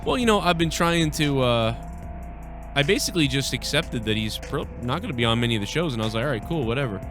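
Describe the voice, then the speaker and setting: A man's voice: medium pitch, expressive, fast talker, over music. A man hosting a live podcast stream, ranting casually and with lots of swearing, acting out people he quotes with a raised voice. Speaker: podcast host.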